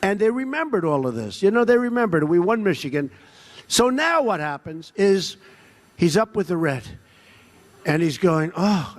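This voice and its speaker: An older man in his seventies giving a loud, rambling rally speech from a podium, mocking people with put-on quotes. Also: high voice. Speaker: political speaker at a rally. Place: large rally venue.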